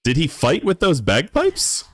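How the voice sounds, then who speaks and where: A man's voice: fairly high pitch, huge pitch swings, measured pace, fairly bright tone, dry recording. A young man streaming a game, chatting casually with his viewers in a laid-back, rambling way that stumbles and repeats words. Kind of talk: casual live-stream chat while gaming.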